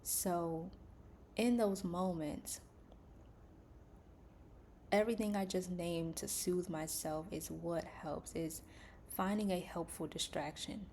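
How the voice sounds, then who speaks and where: A woman speaking calmly and gently to her viewers about faith and coping with pain, with soft breathy asides. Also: on the low side, takes it slowly, pauses often, slight background noise. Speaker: faith and wellness vlogger. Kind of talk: calm reflective talk to camera.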